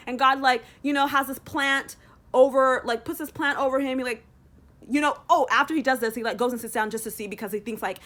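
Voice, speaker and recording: A young woman in a casual devotional vlog, rambling and animated, using "like" constantly as she retells a story. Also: a little high, fairly quick. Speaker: Christian vlogger.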